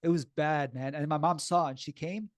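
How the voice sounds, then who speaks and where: A man telling a personal story in a blunt, animated, casual way, swearing freely and sounding shaky and upset as he recalls it. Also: fairly high pitch, normal speed, no echo.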